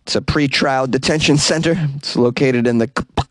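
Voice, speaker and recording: A man's voice: a little high, unhurried, hardly any pauses, dry recording. A man hosting a solo comedy news podcast, rambling, stumbling over foreign names and chuckling at his own jokes, recorded in a closet.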